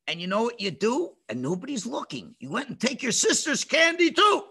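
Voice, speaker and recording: Animated high-voiced man teaching children. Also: fairly quick, breathy edge. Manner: animated, emphatic, asks the kids questions. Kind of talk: storytelling lesson for children.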